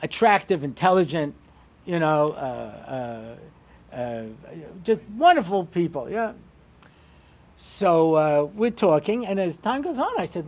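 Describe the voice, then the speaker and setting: A man's voice: high-pitched, a little slow, a faint crowd. A man who is a rabbi, giving a humorous lecture and telling stories with acted-out dialogue. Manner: animated joking storyteller who acts out dialogue.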